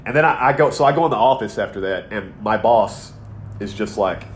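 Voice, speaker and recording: A man's voice: fairly low pitch, fairly quick. Profane, rambling man in his thirties. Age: 30s. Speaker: podcast co-host. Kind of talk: casual chat.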